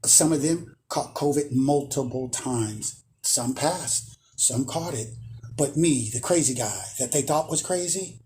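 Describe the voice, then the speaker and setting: A man's voice: medium pitch, unhurried, dark tone, slight background noise. A man who hosts a spiritual channel, giving a boastful, emphatic monologue to camera and repeating phrases for emphasis.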